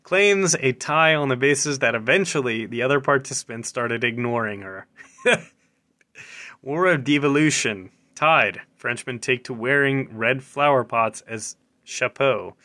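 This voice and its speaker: A man with a bright, forceful voice and a middle pitch hosts a casual military news show. He reads news and jokes aloud in a chatty, offhand way. He stumbles, restarts and laughs through his reading. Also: animated, a little slow.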